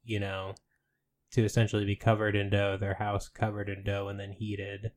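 A man co-hosting a podcast, delivering absurd bits in a deadpan way during casual chat. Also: on the low side, normal speed. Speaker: podcast co-host.

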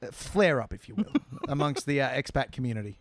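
A young man co-hosting a casual comedy podcast, trading deadpan quips. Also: mid-range voice, fairly quick, a little hiss or hum. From Australia. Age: young adult. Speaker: podcast co-host.

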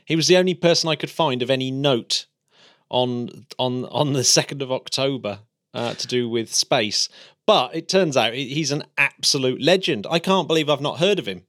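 Podcast guy getting excited explaining stuff, totally dry sound, normal pitch. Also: normal speed, no echo. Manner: eager, explaining with enthusiasm. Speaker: podcast co-host. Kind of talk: casual chat.

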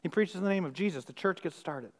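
A middle-aged male pastor preaching a sermon, firing rhetorical questions and swinging from hushed, intimate moments to loud emphasis. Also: high voice, quick pace, big-room sound.

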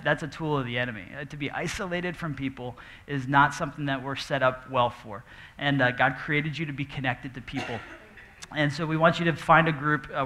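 A male pastor giving casual church announcements and a live Q&A, nervous, halting, with many fillers and light jokes. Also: a little high, pushed and bright. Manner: halting, full of fillers and restarts, joking. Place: church auditorium with audience.

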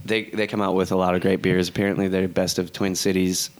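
A young man with a fairly low voice in a relaxed podcast chat. He explains things deliberately, like a small history lesson among friends. Easygoing and conversational. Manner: explanatory, slow and deliberate when informing. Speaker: podcast co-host. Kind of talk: casual chat.

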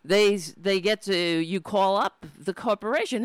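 A man's voice: high-pitched, unhurried, hardly any pauses, smooth, no echo. A man angrily ranting about politics, swearing constantly, mocking people in put-on voices and admitting he screams at the television. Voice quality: profane, shouting, mocking mimicry. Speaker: political commentary host. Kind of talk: angry ranting commentary.

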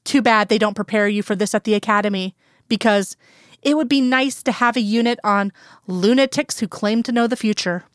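Smooth-voiced woman narrating fanfiction. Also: medium pitch, a little fast, dry recording, clean studio sound. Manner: calm storytelling, plain voices for quoted characters. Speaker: fanfiction reader. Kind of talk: scripted narration.

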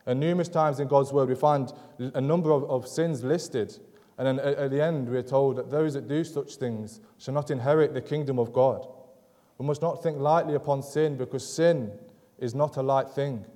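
A man preaching a sermon in an earnest, measured way, driving points home through repetition. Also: mid-range voice, warm tone, in a large hall. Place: church sanctuary.

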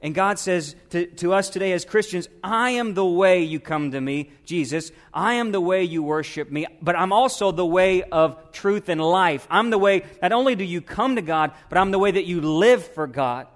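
A man's voice: sits high, moderate pace, hardly any pauses. A man, a pastor, preaching a sermon and asking his congregation questions.

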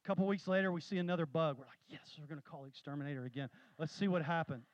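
A man preaching a sermon, telling stories with animated, rising emphasis. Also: on the high side, racing, dry recording, dull audio. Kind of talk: sermon with storytelling.

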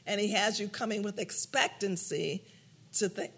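Older man, high and bright, warm-hearted church teacher, chatty and animated, laughs easily. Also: normal speed, vocal fry, slightly rough. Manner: animated storyteller, laughs often, acts out quotes. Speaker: prayer class teacher. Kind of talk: informal teaching with personal stories.

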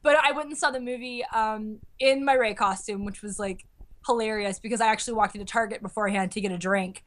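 A young woman chatting casually, an animated storyteller full of fillers who acts out quotes. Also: mid-range voice, fast talker. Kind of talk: casual chat.

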